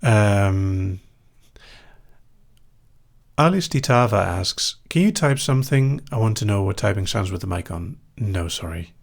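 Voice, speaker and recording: A young Dutch man with a Dutch accent, a hypnosis show host calmly reading out and answering audience questions with dry humor. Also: fairly low pitch, gravelly. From Netherlands. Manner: calm, unhurried, dry humor. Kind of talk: live Q&A reading chat questions.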